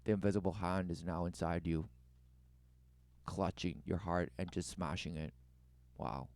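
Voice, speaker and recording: A man's voice: sits low, steady tone, measured pace, gravelly, a little mellow, no room sound. A man giving mocking, preachy commentary over video clips, full of exclamations and rhetorical questions.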